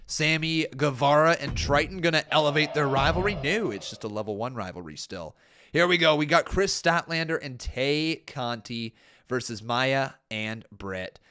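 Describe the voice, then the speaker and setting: A young man casually commentating on a wrestling video game, excitable and jokey. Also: mid-range voice, normal speed. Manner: excitable, jokey, breaks into chants. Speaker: gaming streamer.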